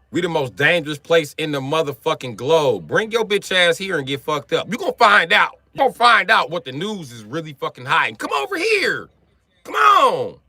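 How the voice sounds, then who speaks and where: Animated man from Wisconsin, ranting. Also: fairly high pitch, gravelly, no room sound. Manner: profane, animated, mocking. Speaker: livestreamer. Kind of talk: profane comedic rant on a livestream.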